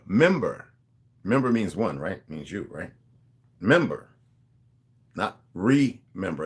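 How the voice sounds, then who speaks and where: A man's voice: fairly low pitch, slightly rough. A man talking to his viewers in a rambling, casual monologue, drifting between asides and restarting his sentences. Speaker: vlogger.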